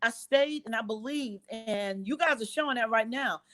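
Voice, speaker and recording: A woman's voice: on the high side, moderate pace, a bit bright. A woman in her fifties, a guest on a live-stream interview, talking in an effusive, emotional way and repeating phrases for emphasis. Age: 50s. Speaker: guest business owner.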